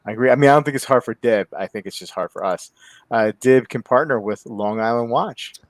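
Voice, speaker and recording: A man hosting a casual group talk about watches, chatty and full of questions and quick restarts. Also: medium pitch, no echo. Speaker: podcast host.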